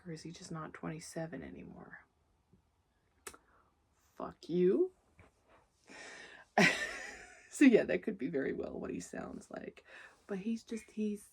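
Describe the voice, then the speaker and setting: A woman's voice: fairly low pitch, a little mellow, breathy edge. A woman giving a casual, rambling movie recap, swearing freely, laughing often and drifting into asides to herself. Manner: profane, candid, laughs often; digresses and talks to herself. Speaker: movie reviewer.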